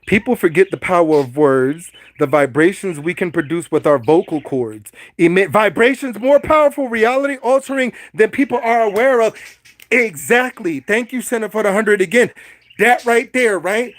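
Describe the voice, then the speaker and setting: A man's voice: sits high, animated, moderate pace, no room sound. A man hosting a casual livestream, speaking in a preachy, repetitive way and addressing his viewers directly. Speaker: livestream host. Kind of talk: casual livestream talk to chat.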